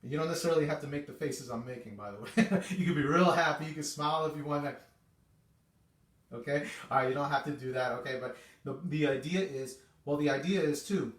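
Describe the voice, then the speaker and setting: Chatty music teacher, echoey room. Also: male voice, fairly high pitch. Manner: chatty, repeats itself, says okay often. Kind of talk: casual video music lesson. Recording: echoey room, mic at a distance.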